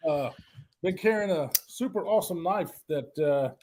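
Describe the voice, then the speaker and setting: A man appearing as a guest on a casual live stream, easygoing and quick to laugh, talking in loose, rambling sentences. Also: a little high, animated, darkish tone. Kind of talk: casual livestream chat.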